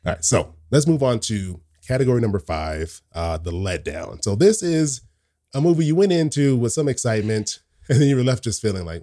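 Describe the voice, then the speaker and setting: A man's voice: on the low side, lively intonation, a little fast, dark tone. A man co-hosting a casual chat about movies, laughing often as he talks. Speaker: co-host.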